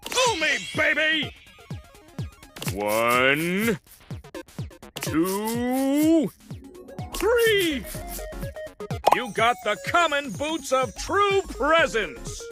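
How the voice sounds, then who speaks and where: A man voicing a warm, affectionate male shopkeeper who is also a father, in a video game. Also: very high voice, wildly swooping pitch, very slow, long pauses, music in the background, exaggerated voice. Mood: upbeat.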